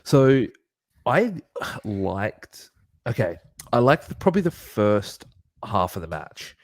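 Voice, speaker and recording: Low-voiced man recapping a match. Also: very animated, takes it slowly, dry recording, studio quality. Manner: play-by-play recap with frequent laughs. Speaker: podcast co-host. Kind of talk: casual podcast chat, recapping a match.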